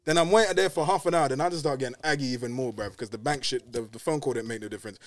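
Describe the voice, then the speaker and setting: Fast-talking young London man, slangy. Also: medium pitch, dry recording. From West London. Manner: fast and slangy, says bruv constantly. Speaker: podcast guest. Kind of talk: casual storytelling chat.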